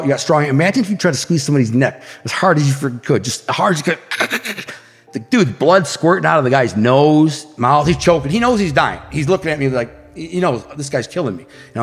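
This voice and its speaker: Man from detroit, intense storytelling, casual slang, long hall echo, faint music behind. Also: medium pitch. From Detroit area. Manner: intense, fast-moving, says bro and man a lot. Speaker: podcast guest telling his story. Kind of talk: animated storytelling.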